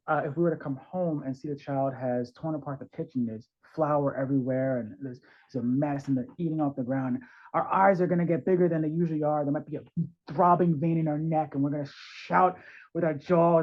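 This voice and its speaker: A man talking as a guest in an interview about parenting, animated and acting out voices of parents and kids, heard over a call. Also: on the high side. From New York. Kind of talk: conversational advice in an interview. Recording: dull, lo-fi sound.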